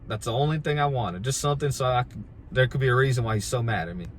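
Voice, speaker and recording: Regular-pitched guy rambling through a wrestling story, easygoing and self-deprecating, bit of faint noise. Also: fast. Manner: laid-back, self-deprecating, rambling with restarts. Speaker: pro wrestler telling a story. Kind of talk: casual storytelling.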